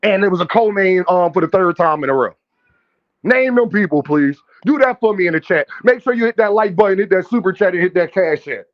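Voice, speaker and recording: A brash, trash-talking male streamer riffs on boxing and calls out his chat with a high-pitched, animated voice. His profane banter sits in dull, lo-fi stream audio. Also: a little fast. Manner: addresses chat directly, calls out viewers. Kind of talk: live-stream boxing commentary.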